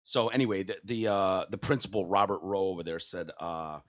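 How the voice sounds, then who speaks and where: A man's voice: low voice, fairly even intonation, a little fast. A man hosting a podcast in casual chat, rambling and hesitant, swearing casually. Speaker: podcast host. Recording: dull lo-fi audio.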